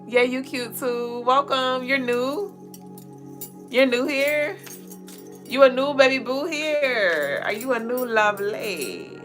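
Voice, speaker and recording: A woman co-hosting a casual livestream reads viewer comments, laughing often, singing along, and leading the chat playfully. Her high-pitched voice is fairly bright and unhurried, with faint music behind.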